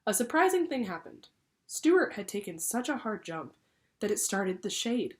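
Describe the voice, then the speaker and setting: Teacher, female, lively read-aloud for kids, medium pitch. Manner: lively, pausing to explain to pupils. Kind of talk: read-aloud storytelling for children.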